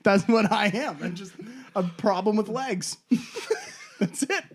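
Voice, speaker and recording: A man's voice: sits high, animated, slow, slight background noise. A young man, a comedian in casual podcast chat, self-mocking, laughing often and throwing in "man" and "dude".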